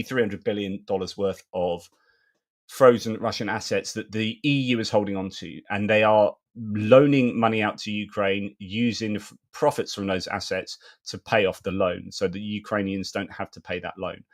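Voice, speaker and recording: A middle-aged man hosting a live-stream news commentary in a chatty, rambling way, with many pauses and restarts. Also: lowish voice, steady tone.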